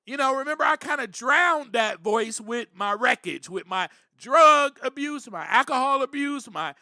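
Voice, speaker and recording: A man's voice: very high-pitched, lively intonation, normal speed, bright, forceful tone, dry recording, studio quality. A man hosting a podcast, giving earnest, reflective spiritual recovery talk, with frequent "you know" and bursts of emphasis. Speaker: podcast host.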